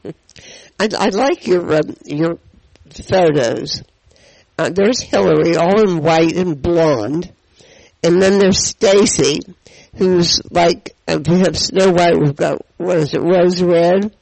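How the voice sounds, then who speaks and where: A man co-hosting a chat, asking halting questions full of fillers. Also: on the high side, creaky, a little mellow, dry recording, rough recording. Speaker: radio co-host. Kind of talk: casual interview chat.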